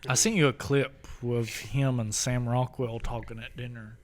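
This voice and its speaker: A man co-hosting a podcast in casual chat, jokey, laughing a lot and acting out quotes in a loud, high voice. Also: steady tone, normal speed. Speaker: podcast co-host.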